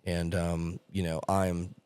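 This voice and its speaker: A man hosting a podcast, excitable and chatty, often cutting in and saying "dude". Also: deep voice, slow, smooth. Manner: excitable, talks over guest, says dude. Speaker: podcast host. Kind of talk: casual chat.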